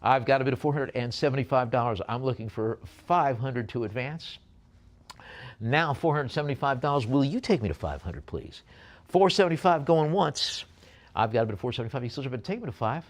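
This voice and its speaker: A man runs a live auction, calling out bids at a brisk clip and coaxing bidders to go higher. His voice sits at an ordinary middle pitch, and he drops in light jokes between the numbers. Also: animated. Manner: brisk bid calling with jokey asides.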